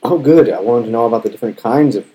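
A man's voice: medium pitch, expressive, rapid-fire, mellow, a little hiss or hum, low-quality recording. A man co-hosting a casual podcast, making dry, offhand wisecracks. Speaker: podcast co-host. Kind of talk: casual chat over beers.

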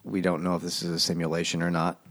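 A man with a very deep voice rambles through a plot summary in a casual book discussion. His humor is dry and his language is profane. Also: completely flat delivery, quick pace. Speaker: podcast co-host.

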